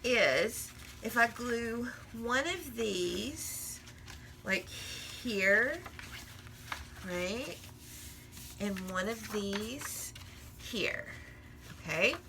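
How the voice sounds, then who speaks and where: Bright-voiced woman chatting while crafting. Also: fairly high pitch, animated, drawn-out words, long pauses, a little hiss or hum. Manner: chatty, rambling, laughs often, talks while working. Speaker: crafting vlogger. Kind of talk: casual crafting chat.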